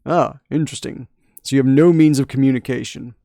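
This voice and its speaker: A man's voice: medium pitch, fairly even intonation, a little fast, creaky, warm tone, no echo, studio quality, lightly acted. A man doing a stern castle guard questioning. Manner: formal, probing.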